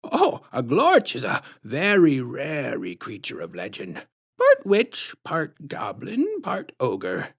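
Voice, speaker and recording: A man reading his storybook aloud, voicing a creepy, drooling old woman counselor whose squeaky baby talk slides into a dark hiss. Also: huge pitch swings, takes it slowly, creaky, husky, exaggerated voice. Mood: menacing.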